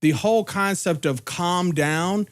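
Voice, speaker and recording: An earnest young man with a fairly high voice, hosting a casual podcast chat. He thinks aloud about relationships, measured and reflective, and leaps up in pitch when he drives a point home. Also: clear, resonant tone. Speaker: podcast host.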